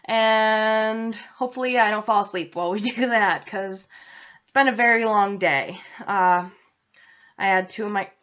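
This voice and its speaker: A woman's voice: medium pitch, measured pace, fairly bright tone. Chatty young woman vlogger, lo-fi. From New England. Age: young adult. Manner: rambling, chatty, self-interrupting. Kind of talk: casual vlog chat. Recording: dull lo-fi home recording.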